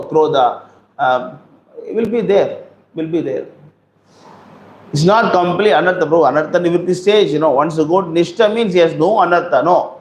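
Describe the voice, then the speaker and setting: High-voiced preacher in echoey hall. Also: male voice. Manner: rhetorical questions, acted-out quotes. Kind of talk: scripture class. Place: temple hall. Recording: roomy hall echo.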